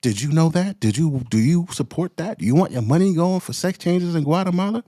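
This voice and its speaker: A man's voice: on the high side, expressive, fairly quick, warm tone, no room sound, clean studio sound. A man giving a heated, profane commentary rant full of slang, as the show's host. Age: adult with children. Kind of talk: ranting commentary.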